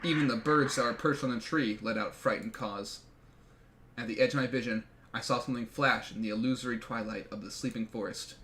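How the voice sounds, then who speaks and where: A man's voice: medium pitch, brisk, fairly bright tone, a little hiss or hum. A man streaming a game, reading the story aloud with jokey, swearing asides. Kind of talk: reading a visual novel aloud on a live stream. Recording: game music behind voice.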